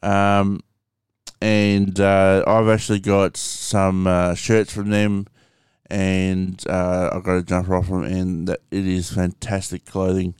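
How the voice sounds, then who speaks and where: An Australian man rambling casually in a home vlog, slow and full of ums, swearing freely. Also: sits low, monotone, a little mellow, clean tone, no room sound, studio quality. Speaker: vlogger. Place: room at home with window open.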